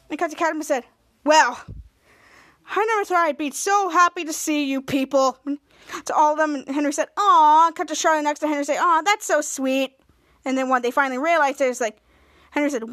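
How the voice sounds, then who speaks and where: A woman's voice: sits high, fairly bright tone. A woman hosting a podcast, retelling a TV episode in a rambling casual way, often repeating herself. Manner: rambling, repeats "somehow" and "cut to". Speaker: podcast host.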